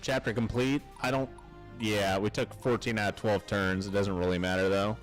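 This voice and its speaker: A man streaming a game playthrough, giving casual, excited and joking reactions to the gameplay. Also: lowish voice, normal speed, faint music behind. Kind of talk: casual let's-play commentary.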